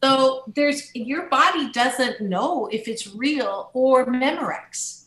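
A woman author and motivational speaker in an interview, telling stories in an upbeat, animated way and swooping up into high voices. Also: slow pace, echoey room, low-quality recording. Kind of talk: podcast interview.

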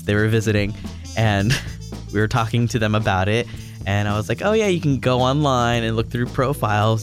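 A man co-hosting a podcast, telling stories in casual chat and laughing often. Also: lowish voice. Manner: laughs often, animated storyteller. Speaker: podcast co-host. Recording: music clearly heard behind the voice.

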